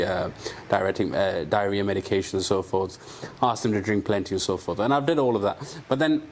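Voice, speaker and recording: A man with a fairly low voice tells a story in a relaxed interview. He acts out the lines of the people in it and fills gaps with "um" and "uh." Faint room noise hums in the background. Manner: animated anecdotes with quoted dialogue and fillers. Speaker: aesthetic doctor, clinic co-founder.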